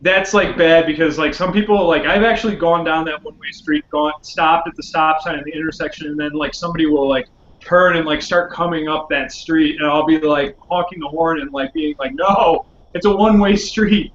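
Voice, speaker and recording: A young man co-hosting a podcast in a casual chat, halting and full of fillers, with dry jokes. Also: on the high side, steady tone, a bit bright. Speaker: podcast co-host. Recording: echoey room, dull lo-fi sound, faint hiss.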